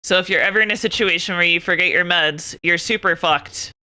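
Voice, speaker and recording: A young woman streams herself chatting with viewers, talking in an animated, exasperated rant full of swearing. Her voice is very bright and crisp, smooth and clear. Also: on the low side, brisk. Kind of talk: casual chat.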